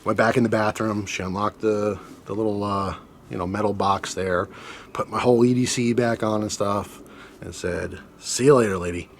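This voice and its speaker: A man's voice: on the low side, moderate pace, vocal fry, slight background noise. Man telling a story, casual and joking. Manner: animated, joking, acts out his own reactions. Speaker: storytime vlogger.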